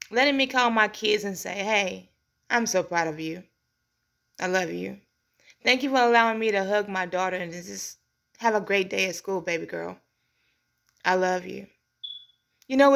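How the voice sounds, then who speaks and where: A woman's voice: medium pitch, gravelly, fairly bright tone. A middle-aged woman hosting a community show, giving an earnest, heartfelt motivational talk in a preacherly way. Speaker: host. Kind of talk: inspirational monologue.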